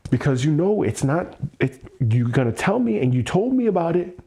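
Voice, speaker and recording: Male EFT host, gravelly, mellow tone, angry profane venting, repeats himself, sighs wearily. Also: on the high side, big pitch swings, normal speed, a little hiss or hum. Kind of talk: emotional venting during a tapping session.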